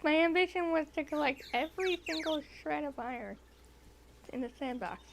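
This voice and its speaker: A woman's voice: high-pitched, normal speed, creaky, noisy background. A woman co-hosting a game playthrough, chatting casually and rambling a little. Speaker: let's play co-host. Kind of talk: casual chat while playing a game.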